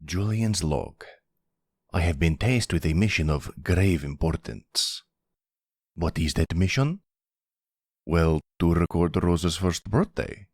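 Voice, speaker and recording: A man's voice: deep voice, lively intonation, slow pace, long pauses, darkish tone, dry recording, studio quality, heavily acted. A man voicing a playful young adult son who narrates mock-formally while filming, in an ASMR boyfriend role-play.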